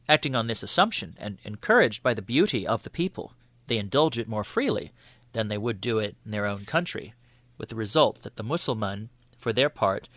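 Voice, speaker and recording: A man voicing a learned, earnest man who explains his ideas in a measured, formal way. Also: lowish voice, pushed and bright, no room sound.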